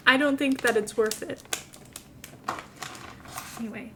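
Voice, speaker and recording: A young adult woman streaming a game from home, chatting in a rambling, casual way and cooing softly at her cat now and then. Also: a little high, unhurried, pauses often, background noise. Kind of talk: casual live-stream chat while gaming.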